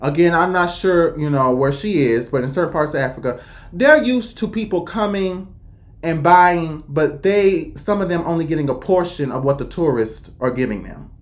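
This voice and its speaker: A woman from the United States giving blunt, opinionated reaction commentary, with an emphatic delivery and sudden jumps in pitch. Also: expressive, normal speed. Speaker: reaction video host.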